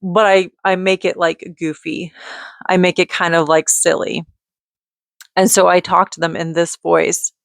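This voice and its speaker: A woman's voice: lowish voice, flat delivery, measured pace, creaky, dry recording, clean studio sound. A woman in her thirties chatting casually in a vlog, rambling with restarts and lots of fillers. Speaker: vlogger and mother.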